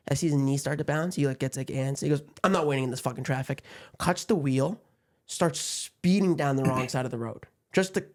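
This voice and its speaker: A man's voice: mid-range voice, darkish tone. A man in his twenties, a podcast guest, rambling through a story and quoting everyone with "I'm like". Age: 20s. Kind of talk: casual podcast chat.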